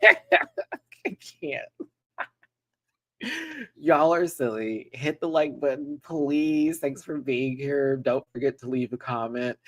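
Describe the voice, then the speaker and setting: A man's voice: mid-range voice, a bit bright. Chatty giggly man hosting a live review. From Texas, US. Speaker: host. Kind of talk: casual live review chat.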